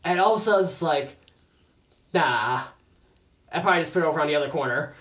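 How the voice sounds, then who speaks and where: A man's voice: fairly high pitch, rapid-fire. Young man, casual storyteller, laughs a lot and plays out quotes. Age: young adult. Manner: animated, laughing often, acting out quoted voices.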